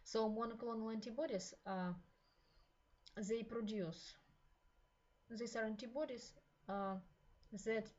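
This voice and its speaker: A woman's voice: medium pitch, dark tone, highs cut off. Woman lecturing with a Russian accent. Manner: slow, halting delivery with many fillers and repeated phrases. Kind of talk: university lecture. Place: university lecture room.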